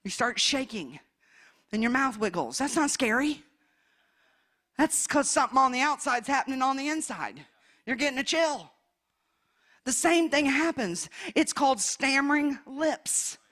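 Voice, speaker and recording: An older woman in her sixties preaching with fervor, her voice pitched high and ringing bright. She calls out hallelujahs and swings between loud proclamations and quiet, intimate storytelling. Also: lively intonation, unhurried, pauses often. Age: 60s. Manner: fervent, calls out hallelujahs, shifts from loud to hushed. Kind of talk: Pentecostal sermon.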